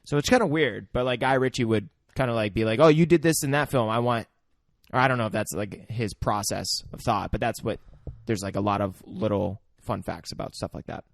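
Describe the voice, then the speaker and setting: Podcast dude, kinda low voice, lots of uh and like while sharing trivia, dry room. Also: male voice, brisk, gravelly, dry recording. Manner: chatty, shares trivia with filler words. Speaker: podcast co-host. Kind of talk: casual movie chat.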